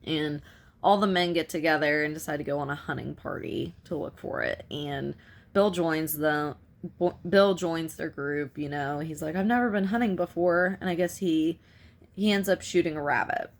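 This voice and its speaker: A woman talks through a film's story for a review, loose and conversational, stringing events together with "and" and "like". Her voice sits low in pitch. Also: normal speed, creaky. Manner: rambling retelling full of "like" and "you know". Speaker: film reviewer. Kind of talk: casual film review recap.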